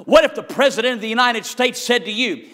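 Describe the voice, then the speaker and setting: Man, preacher, very high voice, bright ringing tone, rhythmic, folksy, shouted peaks. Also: lively intonation, fast talker. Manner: folksy, calls listeners honey. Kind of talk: sermon.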